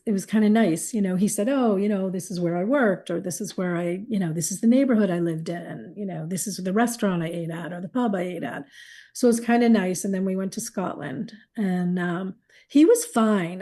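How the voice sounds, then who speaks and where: A woman recounts her own experiences in an interview. Her voice is warm and mellow. She speaks candidly and reflectively, growing animated when she quotes others. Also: mid-range voice. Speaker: guest, caregiver wife. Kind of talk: personal interview storytelling.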